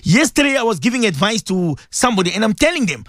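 A man delivers a sermon over the radio, speaking directly to his audience. He is emphatic and repetitive, circling back to the same refrains and lurching between loud and quiet. His voice sits close and dry on the studio mic, with no room sound around it. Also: sits high, big pitch swings, fast, no room sound. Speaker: radio preacher and host. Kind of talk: radio sermon addressed to listeners.

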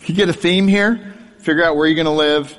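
A man's voice: on the high side, steady tone, a little fast, a bit bright, in a large hall. A middle-aged man telling his childhood story to an audience in a humorous, self-deprecating way, laughing as he goes. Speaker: speaker sharing his life story.

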